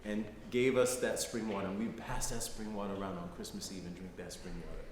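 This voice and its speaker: Middle-aged male lecturer, conversational storyteller, lower voice, recorded in a reverberant hall. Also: steady tone, a little fast. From United States. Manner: conversational, frequent "right?" tags. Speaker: guest lecturer. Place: lecture hall, live audience. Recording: echoey hall, faint noise.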